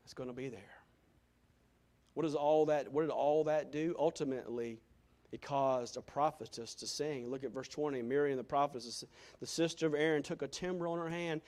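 Male pastor, middle-aged, high-pitched, impassioned sermon delivery with big loud-to-whisper swings. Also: unhurried.

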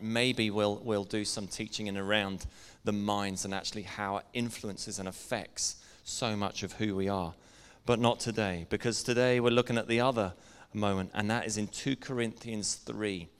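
A man preaching a sermon to a congregation. He speaks earnestly, slows down to stress key words, and puts questions to the room. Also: medium pitch, fairly bright tone, clear, resonant tone. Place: church hall. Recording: echoey church hall.

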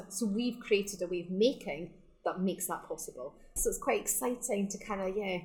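A woman's voice: mid-range voice, moderate pace, darkish tone, rough recording. A woman who runs a sustainable fashion shop, talking in a chatty, enthusiastic way and laughing often in a casual interview. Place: her shop in the Scottish Highlands.

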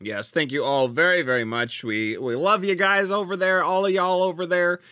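A man co-hosting a podcast, talking casually and haltingly, with many pauses and restarts. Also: high-pitched, fairly even intonation, pushed and bright, dry recording, clean studio sound. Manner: hesitant, many ums and restarts. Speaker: podcast co-host.

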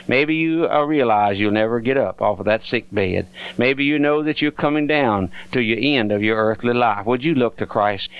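A man's voice: mid-range voice, clear, resonant tone, lo-fi sound. Earnest pleading radio preacher, man. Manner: earnest pleading, direct appeals to the listener. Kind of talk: radio sermon.

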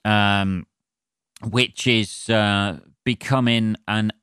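A man's voice: on the low side, steady tone, very slow, a bit bright, clean tone, dry recording, studio quality. A man hosting a solo podcast, ranting with heavy swearing and self-mocking asides. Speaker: podcast host.

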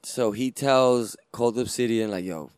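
A man co-hosting a casual podcast, speaking in a laid-back, slangy way with many halting fillers. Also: lowish voice, lively intonation, darkish tone, clean tone, dry recording, studio quality. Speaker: podcast co-host. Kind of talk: casual chat.

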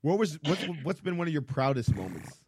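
A man's voice: fairly high pitch, sing-song, a little fast, darkish tone, slight background noise. A man hosting a podcast, asking his guest easygoing, joking questions. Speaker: podcast host. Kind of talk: casual chat, interviewing.

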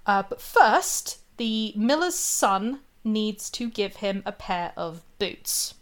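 A woman's voice: mid-range voice, sing-song, slow. A woman retelling a fairy tale in casual chat, with lots of fillers, asides and giggles.

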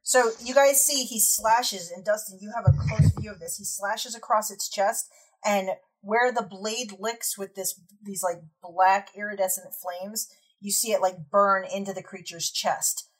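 A woman's voice: medium pitch, steady tone, a little slow, breathy edge, rough recording. A woman running a tabletop game as game master, narrating scenes loosely with lots of "like" and "kinda".

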